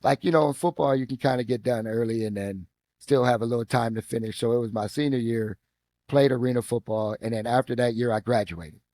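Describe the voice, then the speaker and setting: A middle-aged man with a Midwestern American accent, a podcast guest telling football stories in a lively, casual way. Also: brisk, no echo. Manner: animated storyteller, acts out quotes with rising pitch. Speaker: guest, former football player and coach. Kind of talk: casual storytelling interview.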